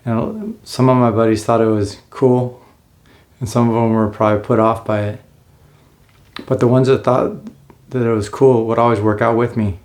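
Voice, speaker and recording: A man's voice: mid-range voice, fairly even intonation, moderate pace, a little mellow. A man in his forties telling his own life story in a casual, earnest way, now and then acting out what he said back then. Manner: earnest, acts out his own past lines.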